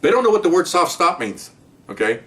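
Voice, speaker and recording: A man's voice: high-pitched, very animated, a little fast, distant mic. A man telling police stories in a rambling, casual way, acting out the voices of people in them. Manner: rambling, restarts, acts out voices loudly. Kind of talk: casual storytelling.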